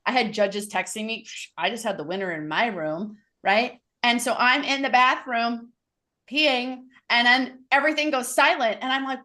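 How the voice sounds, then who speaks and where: A woman speaking coach hosting an online session, gushing and animated as she tells a story over a call mic. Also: on the high side. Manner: gushing, animated storyteller who acts out voices. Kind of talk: enthusiastic casual chat.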